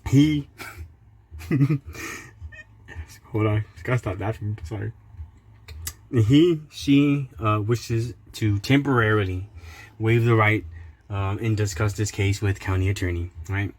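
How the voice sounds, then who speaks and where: Hosting his own channel, a man reads court papers aloud with casual commentary, sarcastic and indignant, breaking into outbursts and laughing often. His voice is on the low side, slow, with long pauses.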